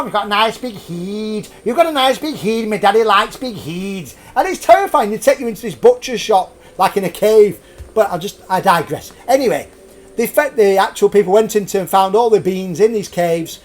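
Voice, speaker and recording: A man's voice: high voice, a little mellow. A man hosting a live show, telling a grisly tale in a jokey, rambling way, laughing at his own puns and drifting off topic. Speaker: host. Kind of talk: live storytelling chat.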